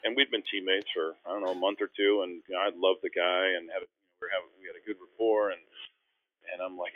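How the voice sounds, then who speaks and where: A man from Canada, a former basketball teammate, recalling stories in an easygoing, halting way. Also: deep voice, fairly even intonation. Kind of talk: casual anecdotal storytelling. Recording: tinny phone-line audio, dry.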